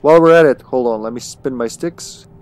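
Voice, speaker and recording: A man's voice: medium pitch, normal speed, darkish tone, a little hiss or hum. A man streaming a video game live, chatting casually to himself with swearing and chuckles. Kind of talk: live gaming commentary.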